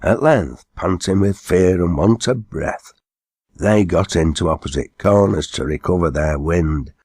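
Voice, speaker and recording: A man narrating an old dialect story, reading it aloud in a steady storytelling way. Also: low-pitched, a little slow, husky, no echo, clean studio sound.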